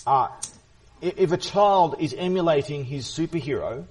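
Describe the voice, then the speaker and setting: A man talking as a guest in a casual conversation, speaking fast, often repeating words and restarting his sentences, and insisting on finishing his point. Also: a little high, animated, a little mellow. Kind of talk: casual spoken explanation.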